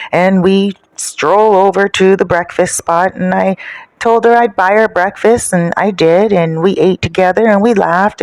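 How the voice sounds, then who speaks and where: A woman tells her own dark story in a casual, gossipy way, sounding self-satisfied. Her voice sits in a middle pitch. The recording is dry and close, with no room sound. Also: dry recording, low-quality recording. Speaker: narrator. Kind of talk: first-person confessional story narration.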